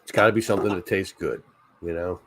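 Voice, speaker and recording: A man's voice: low-pitched, fairly even intonation, fast, a bit bright. A man hosting a casual late-night chat stream, rambling and joking, often laughing at his own ideas. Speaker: channel host.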